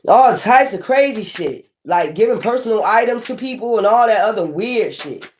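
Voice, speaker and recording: A woman giving a casual tarot reading to viewers, emphatic and rambling, swearing freely, swinging from near-shouts to low muttering. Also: expressive, moderate pace, slight background noise. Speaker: tarot reader.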